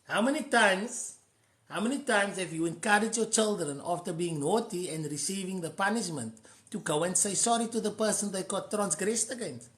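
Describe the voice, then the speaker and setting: A man with a South African accent talks earnestly to his live-stream viewers and drops Afrikaans phrases into his advice. His voice has a bright, forward edge. The echo of a hard room rings around him. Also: high-pitched, moderate pace. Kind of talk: casual advice talk to a live audience.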